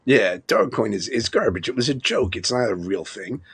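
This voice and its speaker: A man's voice: lowish voice, very animated, moderate pace, breathy edge. A man in his fifties with a New York accent, hosting a casual live chat, rambling and chuckling as he talks. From Long Island, New York. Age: 50s. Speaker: livestream host. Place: home room, video call.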